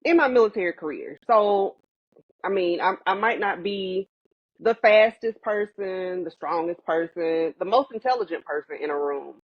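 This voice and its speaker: A woman's voice: lowish voice, normal speed, breathy edge, no room sound. An earnest, determined woman speaking as a guest in a casual chat. The recording is dry and close, with a slightly dull, muffled sound.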